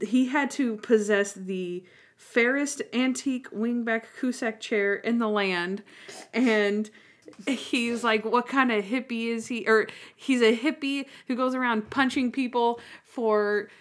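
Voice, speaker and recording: A woman co-hosting a podcast in casual chat, recapping quickly and enthusiastically. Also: on the high side. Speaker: podcast co-host.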